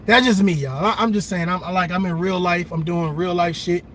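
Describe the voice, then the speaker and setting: Male livestream host, animated and blunt, high bright voice, recorded in a parked car with faint noise behind. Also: normal speed. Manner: animated, swears, laughs, talks to viewers. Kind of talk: casual live commentary.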